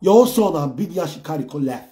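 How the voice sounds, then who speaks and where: A man with a Nigerian accent rants and jeers, swinging between loud taunts and low muttering. His voice sits a little high for a man. The sound is roomy, with the voice bouncing around the space. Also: animated, fairly quick. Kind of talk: ranting online commentary.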